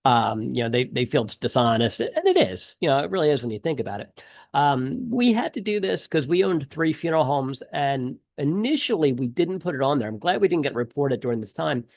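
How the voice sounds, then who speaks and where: Very animated and a little fast, a middle-aged instructor runs through an exam review conversationally, full of fillers like "um" and "you know," with frequent restarts and rephrasings. His typical male-pitched voice has a creaky quality, and the close, dry recording has no echo.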